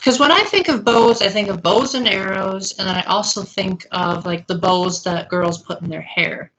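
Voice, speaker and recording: A woman's voice: medium pitch, normal speed, fairly bright tone, poor audio. A young woman streaming live, chatting casually and answering her viewers' comments.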